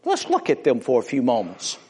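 A man preaching a sermon with slow, emphatic rises and falls. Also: medium pitch, huge pitch swings, darkish tone, breathy edge, in a large hall. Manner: slow, emphatic preaching with rising and falling delivery. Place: church.

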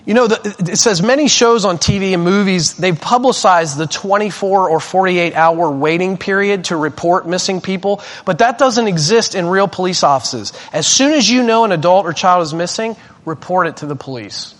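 A male preacher telling a personal story in a sermon. He is animated and self-deprecating and often restarts his sentences. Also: high-pitched, normal speed, few pauses.

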